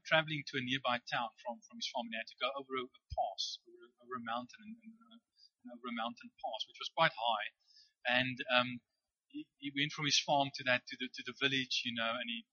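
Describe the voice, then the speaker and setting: Male preacher telling stories in a sermon, kinda husky, dry lo-fi sound. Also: medium pitch, bright, forceful tone, no echo. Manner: conversational, storytelling, asks "right?". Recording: dull, dry lo-fi recording.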